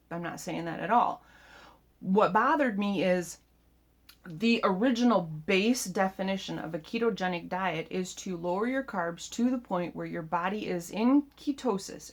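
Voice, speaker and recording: A woman vlogger talking casually and at length, rambling and frustrated, often stopping to restart her sentences. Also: lowish voice. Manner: rambling, frustrated, self-interrupting. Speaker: keto vlogger. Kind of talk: casual vlog monologue.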